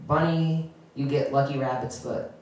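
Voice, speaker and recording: A man's voice: medium pitch, fairly even intonation, a little mellow. Awkward young man doing stand-up, echoey. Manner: halting, awkward delivery with frequent restarts and chuckles. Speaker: stand-up comedian. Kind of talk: stand-up comedy set. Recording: echoey room from far off.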